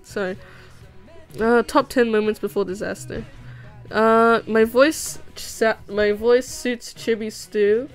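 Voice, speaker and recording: A woman's voice: fairly high pitch, steady tone, measured pace, faint music behind. Bubbly giggly young woman streamer. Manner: bubbly, giggly, rambling with many fillers. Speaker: livestreaming animator. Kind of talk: casual chat reading stream chat while drawing.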